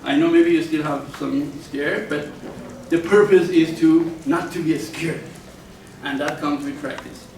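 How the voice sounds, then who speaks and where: A middle-aged man teaching a university class, speaking deliberately and stressing key words. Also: fairly high pitch, fairly even intonation, a little mellow, a little hiss or hum. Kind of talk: classroom lecture. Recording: echoey room, voice far from mic.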